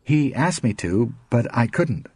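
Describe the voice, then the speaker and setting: A man voicing an anxious, polite young woman in an audiobook reading, earnest and halting. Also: mid-range voice, very animated, a little mellow, breathy edge, dry recording, voice pushed up.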